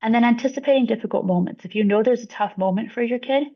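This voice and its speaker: A woman psychologist presenting a webinar, explaining clearly and acting out short example lines. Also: on the high side, fast. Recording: dull lo-fi webinar audio.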